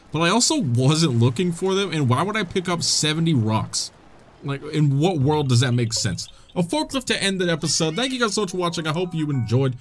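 A young man narrates his gameplay in a playful, joking way, talking to the characters as he goes. His voice sits a little high for a man. It leaps up and down with plenty of expression. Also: a little hiss or hum. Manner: playful, jokey, talks to the game characters. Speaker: gaming channel host. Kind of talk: let's-play commentary.

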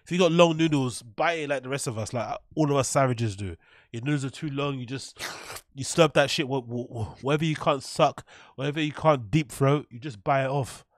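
A man's voice: mid-range voice, fairly quick, dry recording, studio quality. A man reacting to a cooking video in casual, mocking commentary, sarcastic and profane and laughing at his own jokes.

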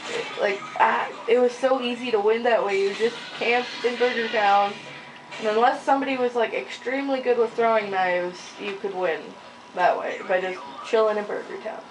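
A young woman giving casual, rambling gameplay commentary, giggling often and filling pauses with ums, a little sleepy with hiccups. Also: fairly high pitch, steady tone. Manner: rambling, giggly, many fillers. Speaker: gaming channel host. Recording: distant mic with faint noise.

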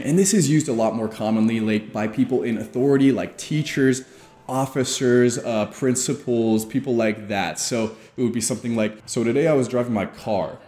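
Mellow-voiced man in a roomy echo. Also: mid-range voice. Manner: chatty and informal, joking asides. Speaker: video host. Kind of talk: casual explainer vlog with a sponsor read. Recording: roomy echo with faint music.

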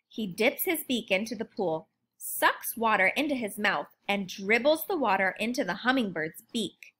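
Brief: woman narrator for a kids' picture book, slow and animated. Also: fairly high pitch, husky. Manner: expressive, lively reading. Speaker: storybook narrator. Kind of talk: children's storybook read-aloud.

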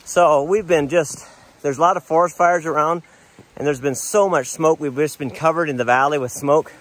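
With a slightly high voice and moderate pace, a middle-aged man from the United States chats while hiking a mountain trail. He's a father vlogging a family trip, relaxed and rambling, admiring nature and a little short of breath as he describes the climb.

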